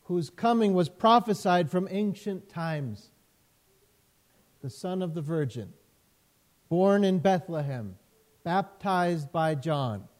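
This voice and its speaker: A man, a pastor, preaching a sermon in a measured way, repeating phrases with emphasis. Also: a little high, a little mellow.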